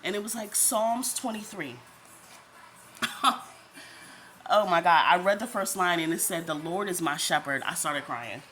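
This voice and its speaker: Woman, low-pitched, vlog testimony, earnest and tearful, music bed clearly audible. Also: measured pace, pauses often, a bit bright. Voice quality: tearful, emotional, repeats herself. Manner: talks straight to viewers, addresses them as "y'all". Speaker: vlogger sharing a faith testimony. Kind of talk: emotional personal testimony. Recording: background music under the voice.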